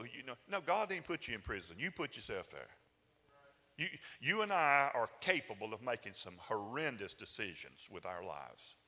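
A man's voice: medium pitch, pushed and bright. Folksy preacher man in a hall. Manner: conversational, folksy preaching with rising emphatic bursts. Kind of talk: sermon. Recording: hall reverb.

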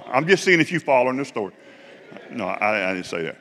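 Southern preacher telling a testimony in a hall. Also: male voice, mid-range voice, brisk. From South Georgia, USA. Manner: animated storytelling, building to fervent praise. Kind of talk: testimony sermon. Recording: reverberant hall.

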